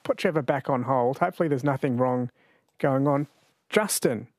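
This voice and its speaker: Speaking into a studio mic, an Australian man hosts a radio quiz in a casual, joking way, frequently breaking into laughter. His voice is mid-range and moderately paced, and the recording has no room sound.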